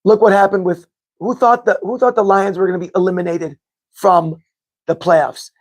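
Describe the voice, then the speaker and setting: A man with a high voice and fairly even intonation talks at normal speed while hosting a live sports fan podcast. Reading the live chat, he chats casually, rambling and repeating himself as he corrects his own figures.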